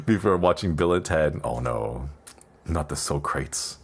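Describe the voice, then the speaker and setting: A man's voice: a bass voice, animated, unhurried, gravelly, husky. A man streaming casually, rambling in a playful way and laughing often; English is not his first language. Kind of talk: casual live-stream chat.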